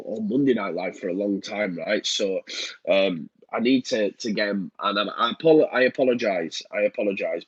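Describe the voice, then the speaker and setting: Casual live-stream host, thirties, husky and nasal from a cold, dull lo-fi mic. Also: male voice, lowish voice, no echo. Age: 30s. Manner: rambling, frequent ums and repeats. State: blocked nose, downbeat. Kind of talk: casual live-stream chat reading comments. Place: home room.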